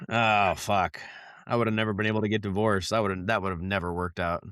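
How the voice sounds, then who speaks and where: A man's voice: on the low side, fairly even intonation, a little fast, fairly bright tone, smooth, no echo, clean studio sound. A man co-hosting a podcast, chatting casually in a rambling, profane way and laughing often. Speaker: podcast co-host. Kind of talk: casual banter. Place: South Carolina.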